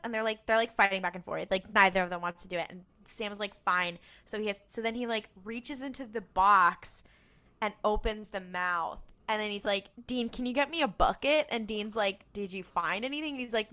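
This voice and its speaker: A woman's voice: medium pitch, normal speed, sharp tone. A woman co-hosting a casual rewatch podcast, retelling an episode and acting out the characters' lines with laughter. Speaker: podcast co-host.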